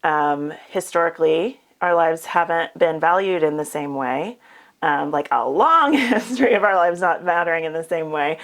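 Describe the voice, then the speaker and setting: A woman speaking reflectively in a casual conversation, with many pauses and fillers. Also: deep voice, lively intonation, a bit bright.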